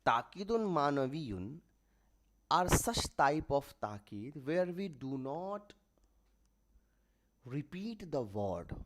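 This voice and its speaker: A man teaching Arabic grammar in English in an online lecture, explaining slowly and repeating terms to drive them home. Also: a little high, sing-song. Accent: South Asian English.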